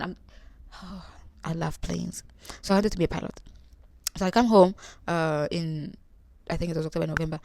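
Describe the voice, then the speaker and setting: A woman's voice: lowish voice, no echo. A young woman from Tanzania telling a humorous story about her life, acting out the voices of the people in it. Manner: animated, acts out quoted voices. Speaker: vlogger.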